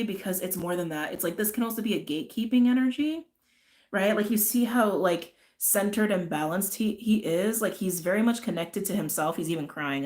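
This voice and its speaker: A woman with a slightly low voice gives a relaxed spiritual reading. She talks in a chatty, rambling way, wandering into tangents and checking in with her listeners. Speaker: tarot and astrology reader. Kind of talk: casual spiritual reading chat.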